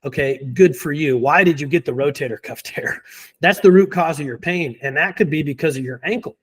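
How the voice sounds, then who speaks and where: A man in an interview, confidently explaining why pain is a sign of a deeper problem, with a laugh now and then between points. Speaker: physical therapy guest. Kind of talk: conversational interview.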